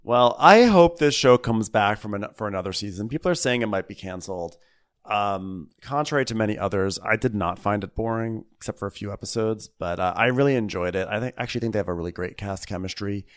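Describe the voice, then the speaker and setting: A man's voice: fairly low pitch, brisk. A man co-hosting a podcast, recapping a TV show in rambling, wry casual chat and laughing often. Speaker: podcast co-host.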